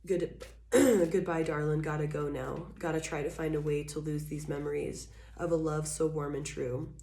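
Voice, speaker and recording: A woman voicing a wistful former lover who says a tender farewell in soft, hushed, half-whispered crooning. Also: extremely low pitch, little pitch movement, moderate pace.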